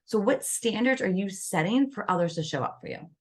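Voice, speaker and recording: Lively woman coaching on self-love. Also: mid-range voice, fairly quick. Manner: animated, acts out inner voices. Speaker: guest wellness coach. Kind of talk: podcast interview.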